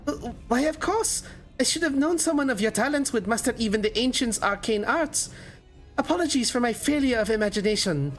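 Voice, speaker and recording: A man voicing a refined, deferential young gentleman in a video game, reading dialogue in a much higher voice than his own. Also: lively intonation, a little fast, soft background music.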